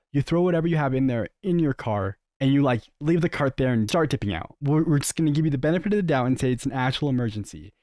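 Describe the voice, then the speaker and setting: A young man chatting casually on a stream, his pitch swinging widely as he jokes and tells stories. The sound is dry and close, with little room around it. He is loose and animated, and he slips in little acted-out quotes. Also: no echo. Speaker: streamer host. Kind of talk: casual reaction chat.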